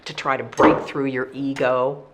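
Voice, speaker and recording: A woman, animated and self-deprecating as she talks candidly about her past. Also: very deep voice, normal speed, very noisy. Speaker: interviewee in recovery. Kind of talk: candid conversational storytelling.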